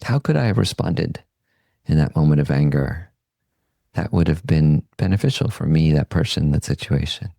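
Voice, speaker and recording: Low gravelly male voice, mellow and unhurried; a meditation teacher reflecting calmly. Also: dry recording. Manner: calm, unhurried, gently reflective. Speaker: podcast host and meditation teacher. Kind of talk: reflective Buddhist teaching talk.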